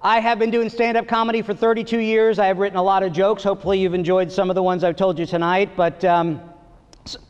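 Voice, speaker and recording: High-voiced man doing stand-up in a theater. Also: flat delivery, quick pace, clean tone, muffled recording. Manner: storytelling, acts out voices with big pitch jumps. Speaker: stand-up comedian. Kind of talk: stand-up comedy set. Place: theater stage before a live audience. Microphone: stage microphone. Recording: live theater recording with long reverb.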